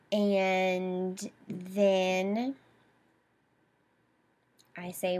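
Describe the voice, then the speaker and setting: A woman's voice: mid-range voice, little pitch movement, very slow, long pauses. A young adult woman hosting a podcast, retelling a painful personal story with emotion and quoted dialogue. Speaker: podcast host.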